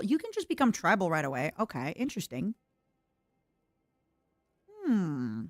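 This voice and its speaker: Lively young woman streaming a game. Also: mid-range voice, normal speed, long pauses, no echo, studio quality. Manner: eats and talks with mouth full, reads game text aloud; lively, playful asides. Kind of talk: casual gameplay commentary.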